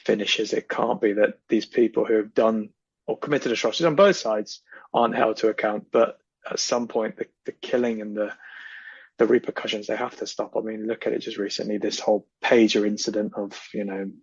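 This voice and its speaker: A man talking as a guest on a casual podcast, earnest and impassioned, often repeating phrases for emphasis. His voice is husky and mid-pitched. The audio is dry and close, with a slightly dull, lo-fi sound. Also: steady tone, fairly quick, dry recording.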